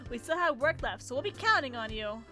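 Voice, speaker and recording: A woman's voice: expressive, brisk, sharp tone, soft background music. A woman voicing a cheerful, exuberant teenage schoolgirl while reading a visual novel aloud. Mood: bubbly. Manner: high, sing-song and exuberant.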